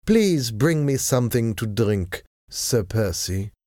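Man doing a tearful young woman, soft, slow, pleading, storybook reading, dry close sound. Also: medium pitch, lively intonation, no echo, voice pushed up. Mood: forced lightness. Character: sorrowful young woman pleading with her brother.

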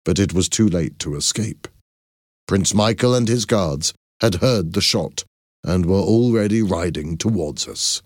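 A man narrating a first-person adventure audiobook in a measured, expressive way. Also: deep voice, dry recording, clean studio sound.

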